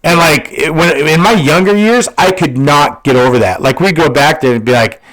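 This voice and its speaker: A man's voice: on the high side, normal speed, poor audio. A man from Washington State co-hosting a podcast, telling stories casually, acting out quotes and swearing freely. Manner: animated storyteller, acts out quotes, swears freely. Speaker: podcast co-host. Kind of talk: casual storytelling chat.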